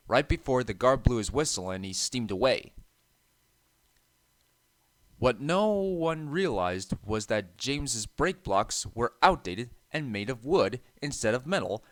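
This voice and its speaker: A young man reads a railway storybook aloud in a soft, even voice. His pitch moves a lot even at low volume. The sound is dry and close. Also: a little slow, no room sound. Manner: soft and even, occasional restarts. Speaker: narrator. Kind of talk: storybook narration.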